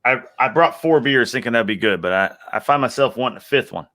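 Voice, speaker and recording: A man's voice: medium pitch, animated, quick pace, bright, forceful tone. A man with a Texan accent hosting a casual live-stream chat, telling jokey stories and laughing often. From United States. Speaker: host.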